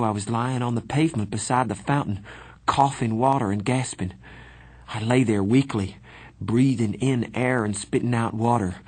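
A man reading a first-person story aloud in a measured, even storytelling manner. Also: mid-range voice, husky. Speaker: audiobook narrator. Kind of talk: scripted first-person narration.

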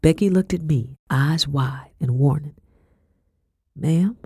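A woman narrating a historical novel in first person, in a measured storytelling manner. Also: deep voice, mellow, breathy edge, no room sound, studio quality. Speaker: audiobook narrator.

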